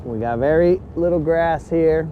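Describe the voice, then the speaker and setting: A man's voice: a little high, measured pace, narrow, tinny audio, a little hiss or hum. A man hosting a live fishing stream from a boat on a lake. He talks in a casual, joking way and keeps calling his viewers bros. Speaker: fishing livestream host.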